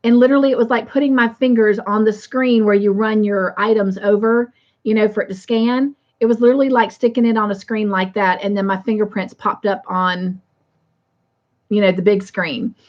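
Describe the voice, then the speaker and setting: On a muffled, lo-fi livestream, a woman with a medium-pitched, steady voice chats at a moderate pace. She's the host, filling her talk with fillers and greeting viewers by reading their comments aloud.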